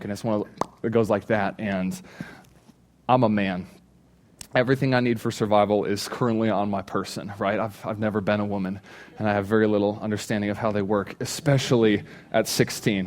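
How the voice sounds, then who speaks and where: A man in his thirties, a pastor giving a sermon, telling a funny personal story and acting out his own shouts. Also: fairly low pitch. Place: church stage.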